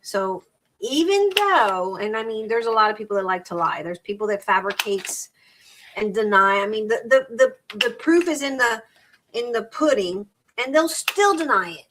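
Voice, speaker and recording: Her mid-range voice is a bit bright, with lively intonation and a moderate pace. The middle-aged woman rambles through casual chat on her crafting live stream, reading measurements aloud and restarting or repeating words. The audio is poor, with a little hiss or hum.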